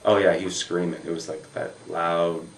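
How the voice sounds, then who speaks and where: A young man who works as a camp counselor, telling stories in a casual interview, animated and full of fillers. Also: low-pitched, moderate pace. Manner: animated, filler-heavy storytelling. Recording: echoey room with faint noise.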